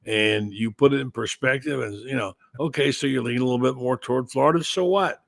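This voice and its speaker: Gravelly older man spinning folksy stories. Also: medium pitch, fast, a bit bright, no room sound. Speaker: sports talk show host. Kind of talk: casual chat.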